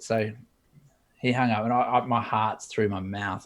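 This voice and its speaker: A man's voice: lowish voice, normal speed. A man, a guest in an interview, telling a story and acting out the dialogue. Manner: lively storyteller who acts out dialogue. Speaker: guest, 3D modeler.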